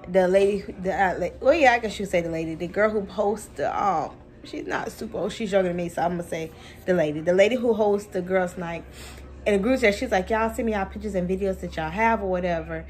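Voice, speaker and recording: A woman talks to her viewers at home in a casual vlog. She tells her stories in an animated, expressive way and keeps calling her audience y'all. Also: lowish voice. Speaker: vlogger, mother of two.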